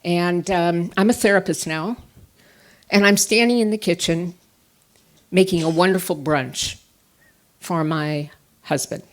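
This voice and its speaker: A woman therapist giving a conference talk, telling personal stories with animated swings from quiet asides to emphatic bursts. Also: fairly low pitch, measured pace, pauses often. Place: stage at a conference.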